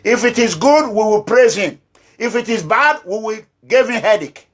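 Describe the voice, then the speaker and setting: A man's voice: sits high, animated, moderate pace, fairly bright tone. A man with a Nigerian accent, an activist leader delivering an impassioned political address, scolding and pleading and repeating his phrases. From Nigeria, Edo State.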